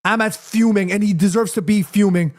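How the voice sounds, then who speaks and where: High-voiced excitable football watchalong host. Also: male voice, a little fast. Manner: excitable, pleading, swears freely. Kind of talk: live match reaction commentary.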